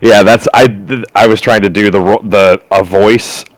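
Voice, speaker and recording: A man's voice: fairly low pitch, steady tone, moderate pace, no room sound, low-quality recording. A man playing in a tabletop game, explaining his character in a hesitant, apologetic way. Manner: hesitant, apologetic, many restarts. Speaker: player. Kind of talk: casual chat at a tabletop game.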